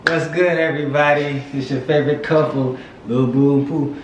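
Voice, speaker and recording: A young man co-hosting a casual eating vlog, talking in a relaxed, easygoing way. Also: a little high, normal speed, background noise. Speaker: vlog co-host. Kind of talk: casual mukbang chat. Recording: roomy sound with background music.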